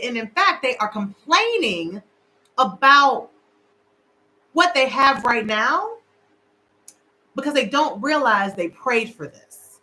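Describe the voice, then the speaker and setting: A woman's voice: a little high, sing-song, takes it slowly, long pauses, bright, forceful tone, low-quality recording. A middle-aged woman hosting a casual livestream, candid and emotional, talking straight to her viewers. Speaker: show host. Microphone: livestream camera.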